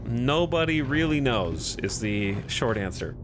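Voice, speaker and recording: A man's voice: mid-range voice, big pitch swings, a little slow, background noise. A man streaming a video game, chatting casually with viewers in a rambling, jokey way and restarting his sentences often. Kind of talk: casual live-stream chat.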